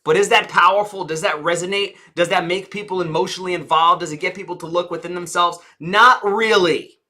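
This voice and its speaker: A man teaching public speaking with a bright, ringing voice. He leans hard on key words and fires off rhetorical questions. He often sinks to a low, quiet tone for effect. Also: fairly even intonation, brisk. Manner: dramatic emphasis, drops voice low and soft for effect. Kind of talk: presentation skills lesson.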